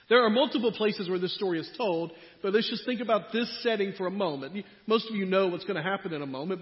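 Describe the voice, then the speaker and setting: A man preaching a sermon in a conversational way, his voice swinging between loud and quiet. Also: sits high. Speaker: pastor. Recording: muffled sound in a reverberant hall.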